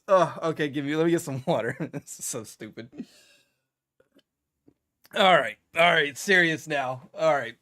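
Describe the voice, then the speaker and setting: A man hosts a casual tech news show, his voice sitting a touch high for a man. He talks with a sarcastic edge and laughs often. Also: fairly bright tone. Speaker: podcast host.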